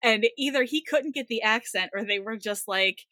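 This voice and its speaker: A woman's voice: on the high side, normal speed, pushed and bright, no room sound. A young woman co-hosting a podcast, summarizing a movie's plot with dry, wry humor. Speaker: podcast co-host. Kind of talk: casual movie recap narration.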